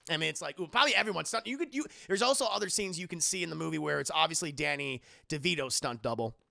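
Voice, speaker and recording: A man streaming a casual movie recap to his live chat, animated, swearing and laughing as he tells it. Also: fairly high pitch, fast talker, vocal fry, dry recording, clean studio sound.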